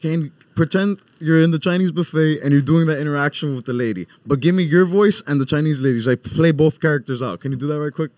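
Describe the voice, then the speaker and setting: A man's voice: a little high, fast talker, few pauses, a little mellow, no echo, studio quality. A man hosting a podcast in casual chat, teasing and joking with his guest. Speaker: podcast host.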